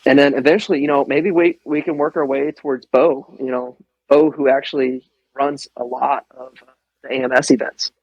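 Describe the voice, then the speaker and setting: A man from the American Midwest, a guest on a podcast, telling animated airsoft stories in casual chat, swearing freely and laughing often. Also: mid-range voice, moderate pace, breathy edge, dull audio.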